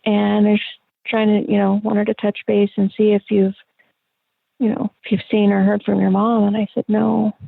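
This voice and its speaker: A middle-aged woman, an interview guest, telling a personal story in a halting, reflective way with many fillers. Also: medium pitch, monotone, vocal fry, no echo. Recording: tinny phone-line sound.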